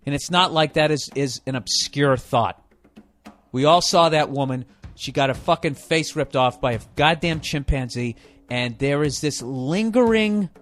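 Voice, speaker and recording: A man's voice: a little high, fairly bright tone. A male comedian on a podcast, delivering a heavily profane, sarcastic rant in a hot indoor room.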